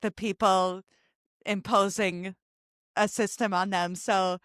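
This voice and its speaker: A woman hosting a podcast, chatting casually and cracking quick jokes. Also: mid-range voice, flat delivery, a bit bright, dry recording, clean studio sound. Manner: jokey, quick with pop-culture quips. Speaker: podcast host. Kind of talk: casual conversational interview.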